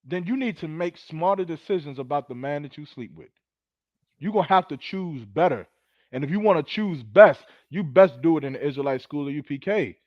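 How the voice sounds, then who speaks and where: A man's voice: on the high side, expressive, a little fast, no room sound, muffled recording. A man hosting a podcast, delivering heated, preachy commentary in a scolding, profane manner. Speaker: podcast host.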